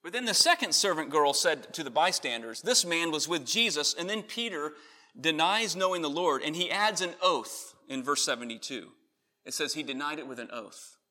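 A man delivers a sermon with a bright, forward voice that sits a little high. He preaches earnestly, pressing harder on key points and then easing off into quieter reflection. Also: lively intonation, moderate pace. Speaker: pastor. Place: church in Connecticut.

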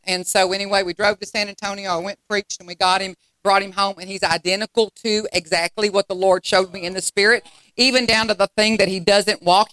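A middle-aged woman, preaching a sermon and telling a story with lively acted-out quotes. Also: mid-range voice, dry recording, poor audio.

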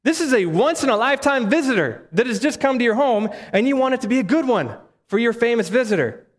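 A man's voice: very high voice, animated, quick pace. A man preaching a sermon in a conversational way, often asking the listeners rhetorical questions. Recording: echoey hall reverb.

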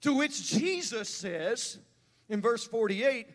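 A man preaching a sermon as pastor, building from calm teaching to fervent, rising delivery. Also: very high voice, slow pace. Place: church sanctuary. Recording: church hall reverb.

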